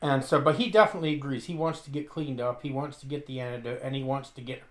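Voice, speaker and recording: A man's voice: mid-range voice, steady tone, fast talker. A man describing his character in a tabletop game, thinking aloud as he goes. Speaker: player. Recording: roomy echo.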